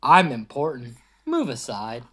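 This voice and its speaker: A woman's voice: extremely low pitch, wildly swooping pitch, measured pace, a bit bright, husky, voice pushed down, heavily acted. A woman voicing a haughty, self-important limousine in a picture book read-aloud. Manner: haughty, bossy.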